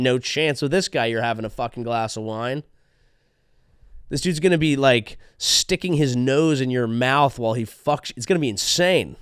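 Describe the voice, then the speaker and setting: A man's voice: medium pitch, normal speed, soft background music. Profane, rambling male comedian. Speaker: comedian podcast host. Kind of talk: riffing comedy monologue.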